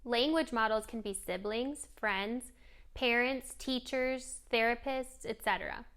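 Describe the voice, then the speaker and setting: A woman presenting a scripted lesson for parents on modeling language for young children, coaching in a clear, gentle way. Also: on the high side, steady tone, measured pace. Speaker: speech therapy presenter. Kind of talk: scripted instructional narration.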